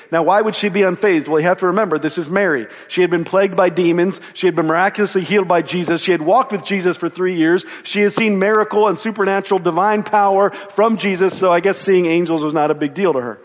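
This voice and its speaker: A man's voice: high voice, long reverb tail, highs cut off. A man preaching a sermon, retelling a scripture story in a conversational, storytelling way. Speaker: pastor.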